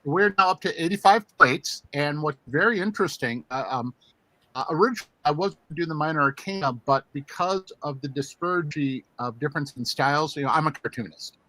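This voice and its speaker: A man's voice: a little high, fairly quick, pushed and bright, dry recording, low-quality recording. A man co-hosting a casual livestream chat, jokey and rambling, with lots of fillers. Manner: jokey, talks over others, rambling fillers. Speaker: co-host.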